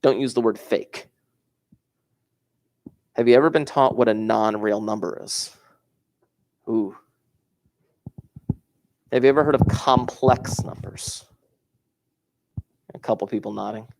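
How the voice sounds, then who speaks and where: A man's voice: on the low side, slow pace, gravelly, long pauses, darkish tone. A man teaching a class, explaining step by step and repeating key points, recorded in a classroom. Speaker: math teacher. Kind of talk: classroom lecture.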